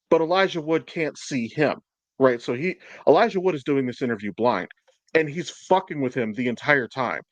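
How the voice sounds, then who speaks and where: A man's voice: medium pitch, dry recording, dull audio. A man hosting a podcast in casual chat, swearing a lot, rambling and laughing often. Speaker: podcast host.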